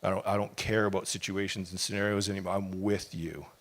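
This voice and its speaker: A man's voice: sits low, level tone, a little fast. Impassioned man preaching a sermon. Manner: impassioned, conversational preaching with casual asides. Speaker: pastor.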